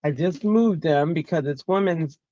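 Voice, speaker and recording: A woman hosting a craft livestream, chatting casually with her viewers in an excitable, giddy way that often tips into squeals. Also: low-pitched, normal speed, highs cut off. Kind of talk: casual live chat to viewers.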